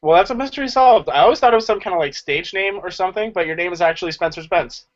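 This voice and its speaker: A man's voice: sits high, fast. A man co-hosting a casual group video chat, jokey and chatty with lots of fillers. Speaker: channel co-host. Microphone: video call. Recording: lo-fi video call audio.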